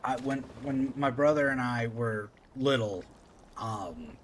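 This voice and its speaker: A man's voice: medium pitch, slow. Male streamer, faint country twang, meandering chatty delivery, noisy background. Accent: faint rural Appalachian. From Appalachia, USA. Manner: rambling storytelling with many fillers. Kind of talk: casual chat while gaming.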